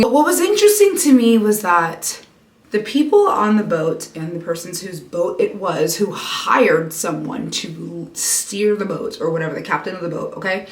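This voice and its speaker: A woman's voice: lowish voice, lively intonation, normal speed. Chatty young woman, echoey room. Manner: chatty, swears freely, frequent "like". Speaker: vlogger. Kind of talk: casual storytelling while getting ready.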